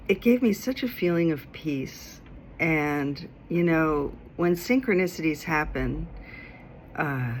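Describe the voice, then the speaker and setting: A woman vlogger telling a personal story in a chatty, animated way, acting out other people's voices, outdoors in a city. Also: low voice, slight background noise. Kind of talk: casual storytelling.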